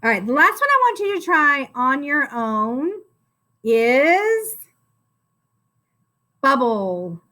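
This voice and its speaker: A woman's voice: sits high, sing-song, normal speed, hardly any pauses, bright, forceful tone. A woman teaching a phonics lesson to young children, encouraging and sounding out words syllable by syllable.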